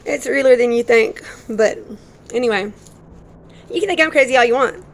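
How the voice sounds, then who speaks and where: A woman vlogging in a rambling, excitable stream-of-consciousness monologue. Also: a little high, moderate pace, no room sound. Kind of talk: casual monologue.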